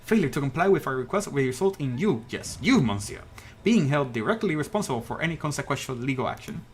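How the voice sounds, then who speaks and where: A man's voice: on the high side, expressive, fast talker, breathy edge. A man voicing a bold male bird defense attorney who speaks in a firm, commanding way. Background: game music.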